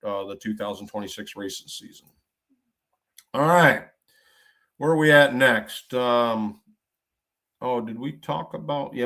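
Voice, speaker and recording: A man's voice: medium pitch, a bit bright. A middle-aged man from Michigan hosting a podcast, telling stories bluntly in folksy trucker slang with plenty of cursing. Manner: blunt storytelling with frequent cursing. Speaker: podcast host. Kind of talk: casual podcast monologue.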